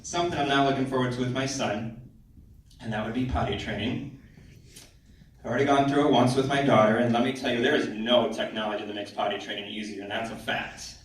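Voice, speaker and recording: A man's voice: medium pitch, fairly even intonation, fairly quick. Man doing stand-up in an echoey theater. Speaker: stand-up comedian. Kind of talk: stand-up comedy set. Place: theater stage, live audience. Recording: echoey hall from far off, audience noise.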